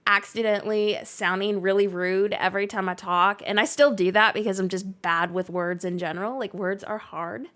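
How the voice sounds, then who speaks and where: A woman streaming from home, with a Canadian accent that has blended with a Southern US one. She chats casually and reads viewer comments aloud, with plenty of likes and little laughs, at a middle, everyday pitch. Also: fairly bright tone. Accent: mixed Canadian and Southern US. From near Canada. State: recovering from illness. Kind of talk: casual chat while gaming.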